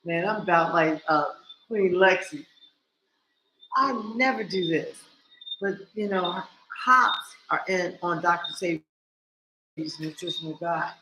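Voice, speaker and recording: Woman vlogger, casual blunt monologue to camera, animated, roomy sound with light background noise. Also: on the low side, takes it slowly, long pauses. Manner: animated, swears freely, talks straight to viewers.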